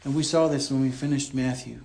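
A man's voice: medium pitch, fairly even intonation, fairly quick, vocal fry, a little mellow. A man preaching a conversational expository sermon in a church, explaining and repeating his points as he goes. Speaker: pastor.

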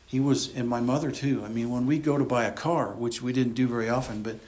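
A man's voice: mid-range voice, fairly even intonation, fast talker, a little mellow. Man preaching a verse-by-verse sermon. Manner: conversational, explains and repeats points. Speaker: pastor. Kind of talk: expository sermon.

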